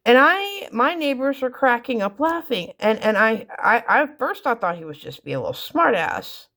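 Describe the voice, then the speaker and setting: A woman's voice: a little high, big pitch swings, normal speed, bright, forceful tone. A middle-aged mother casually telling funny stories about her kids, rambling with fillers and restarts. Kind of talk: casual storytelling.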